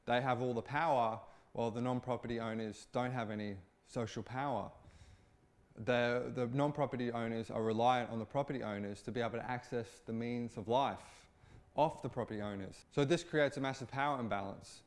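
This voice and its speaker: A man giving satirical political commentary, mid-pitched and informal. He often stumbles and restarts his phrases, and his delivery stays loose and conversational throughout. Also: fairly even intonation, fairly quick. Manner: informal, repetitive restarts, occasional swearing.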